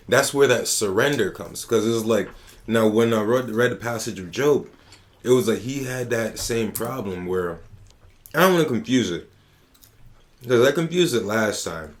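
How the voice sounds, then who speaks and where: A man's voice: mid-range voice, unhurried. Slangy man telling stories on a podcast. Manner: slangy, animated storytelling with profanity. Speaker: podcast host. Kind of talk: casual podcast chat.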